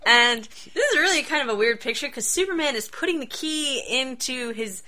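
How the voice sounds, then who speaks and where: A woman's voice: high-pitched, lively intonation, moderate pace, pushed and bright. A woman co-hosting a casual podcast chat, retelling a comic with giggles and little put-on quotes. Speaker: podcast co-host reviewing comics.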